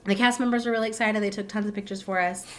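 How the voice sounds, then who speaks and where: A woman's voice: medium pitch, fairly even intonation, racing, a bit bright, slight background noise. A young woman co-hosting a podcast in casual chat, rambling and chatty with lots of "like"s. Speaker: podcast co-host.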